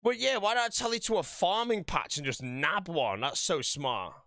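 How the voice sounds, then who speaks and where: A man's voice: high voice, animated, normal speed, pushed and bright, no room sound, studio quality. A man streaming a game and chatting casually to viewers, out of breath and flustered, laughing at his own bad luck. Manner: flustered, self-mocking. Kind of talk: casual game commentary to chat.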